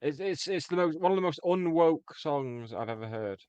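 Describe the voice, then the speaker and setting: A man's voice: on the high side, lively intonation, moderate pace, a little mellow, smooth, no room sound, dull audio. A man co-hosting a podcast, chatting casually with wry asides. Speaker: podcast co-host. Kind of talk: casual comedic chat.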